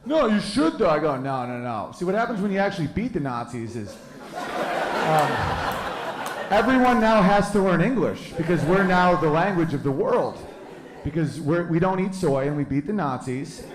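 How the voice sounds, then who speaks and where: Brief: crude, mocking stand-up comic, slightly high voice, roomy club echo. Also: male voice, animated, normal speed. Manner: brash, profane, mocking. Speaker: stand-up comedian. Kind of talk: stand-up comedy set. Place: comedy club stage.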